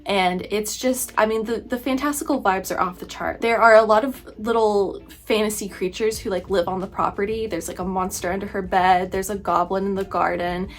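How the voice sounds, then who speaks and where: A woman's voice: medium pitch, fairly even intonation, brisk, hardly any pauses. A young woman in her twenties chatting casually about books she read, gushing and rambling with lots of "like". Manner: gushing, rambling, heavy use of "like". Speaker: book vlogger. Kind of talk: casual book review chat. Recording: faint background music.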